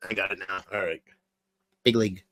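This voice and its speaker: A man's voice: low voice, steady tone, fairly quick, pushed and bright, no room sound. A man streaming late at night, reading chat and rambling crudely with lots of swearing. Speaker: livestreamer.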